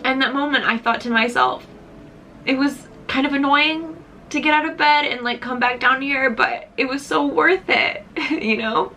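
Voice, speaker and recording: A woman's voice: high-pitched, moderate pace, sharp tone, a little hiss or hum. A young woman vlogger telling a personal story in a chatty, casual way, full of "like", tearful at moments. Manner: chatty, heavy use of "like", emotional at times.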